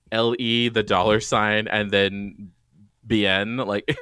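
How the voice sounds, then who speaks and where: Lowish-voiced guy rambling and giggling, bright tone, dry mic. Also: fairly even intonation, slow pace, clear, resonant tone, no room sound. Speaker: podcast co-host. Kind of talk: casual chat.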